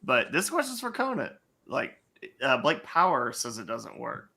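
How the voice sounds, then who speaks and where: Male host, bright forceful tone, easygoing banter about fishing. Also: mid-range voice, huge pitch swings, a little slow, creaky, husky. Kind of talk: casual fishing chat.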